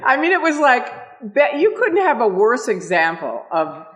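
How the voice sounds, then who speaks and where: Woman in her 60s, speaker at a meetup, animated storyteller who laughs often. Pitch swoops widely. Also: normal speed, crowd noise. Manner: lively, laughing, acts out quotes.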